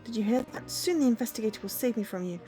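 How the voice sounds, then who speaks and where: This is a defiant young noblewoman who sounds shrill and accusing, read by a woman. The voice sits higher than the reader's own. A faint bit of music plays underneath. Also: racing, dark tone, lightly acted. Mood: indignant. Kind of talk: reading a visual novel aloud on stream.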